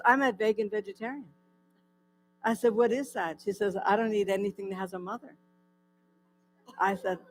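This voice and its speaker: A woman giving a personal recovery testimony at a church, telling her story in a lively way, acting out the dialogue and often laughing. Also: a little high, a little hiss or hum, rough recording. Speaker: guest speaker at a church. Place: church hall.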